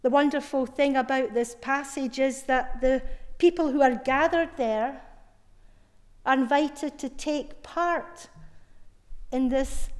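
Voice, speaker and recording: Woman, preacher, sermon, high voice, slow measured delivery, emphatic stresses, long hall reverb. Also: darkish tone.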